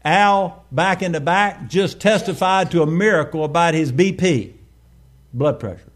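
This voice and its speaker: Man, pastor, sermon, a little high-pitched, swelling emphasis. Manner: preaching with sudden swells in volume and slowed emphasis.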